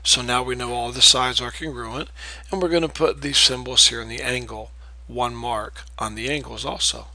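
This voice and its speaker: A man's voice: mid-range voice, steady tone, normal speed, bright, forceful tone, no room sound, rough recording. A man teaching a math lesson in a patient, explanatory way, repeating key terms and checking in with "okay?". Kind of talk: recorded classroom lecture.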